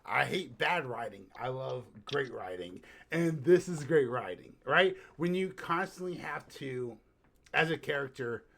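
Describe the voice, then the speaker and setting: A man co-hosting a podcast in casual chat, ranting in an animated, profane way and sometimes breaking into shouts. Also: mid-range voice, measured pace, creaky. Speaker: podcast co-host.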